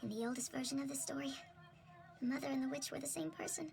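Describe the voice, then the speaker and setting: An actress voicing a haunted mother sliding into madness in a horror game, with a gravelly edge. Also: high-pitched, fast talker, a little mellow, faint music behind. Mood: somber. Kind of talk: game character voice acting.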